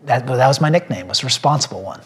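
A man who is a pastor tells a small group his personal testimony in an expressive mid-range voice at a quick pace. He rambles earnestly with plenty of fillers and restarts, and emotion rises when he tells faith stories.

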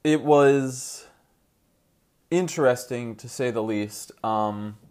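A man co-hosting a podcast in a casual chat, hedging with "like" and trading quick jokes. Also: medium pitch, darkish tone, smooth. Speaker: podcast co-host.

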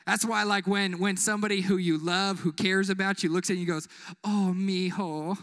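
High, bright-voiced young preacher, joking. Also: male voice, little pitch movement. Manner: call-and-response, joking, acts out quick voices. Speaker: youth pastor. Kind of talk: energetic youth sermon. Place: church building.

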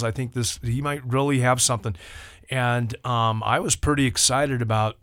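Older pastor telling a story. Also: male voice, normal speed, dry recording, studio quality. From Southern California. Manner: animated, acts out quoted voices with rising pitch. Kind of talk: casual storytelling on a radio talk show.

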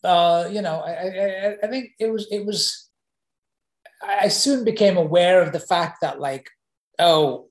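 A man being interviewed, telling an animated anecdote with frequent restarts and repeated words. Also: high-pitched, unhurried. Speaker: interview guest. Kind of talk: conversational storytelling. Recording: roomy echo.

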